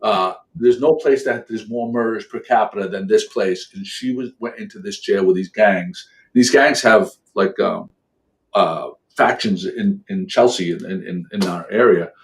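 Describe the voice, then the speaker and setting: A man's voice: on the low side, rough recording. A man hosting a podcast who asks his guest long, rambling questions that are full of restarts. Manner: rambling, halting, many restarts. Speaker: podcast host. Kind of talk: casual interview questions.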